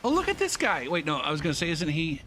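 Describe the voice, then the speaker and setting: A man's voice: fairly high pitch, fast, a little hiss or hum. A man streaming a game live, telling a story with lots of swearing and laughter. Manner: profane, animated, laughs often. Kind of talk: live gameplay commentary and storytelling.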